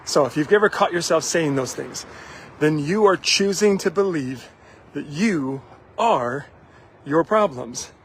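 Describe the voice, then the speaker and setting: A man's voice: a little high, lively intonation, measured pace, slight background noise. A man giving a motivational talk, driving points home with repeated rhetorical questions and the odd chuckle. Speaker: motivational speaker.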